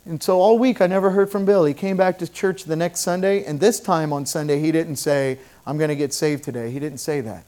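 A pastor preaching a sermon and telling stories, moving from hushed, low passages to loud, fervent ones. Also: male voice, fairly even intonation, fairly quick, few pauses.

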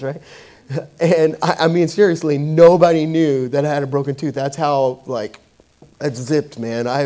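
A man's voice: medium pitch, warm tone. A man preaching a sermon in a conversational way, telling a personal story with many fillers and restarts. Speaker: pastor.

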